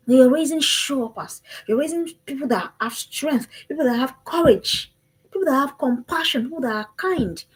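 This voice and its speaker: A woman's voice: high-pitched, slightly rough, poor audio. A woman gives an impassioned motivational talk to parents. She speaks emphatically and repeats her calls to action.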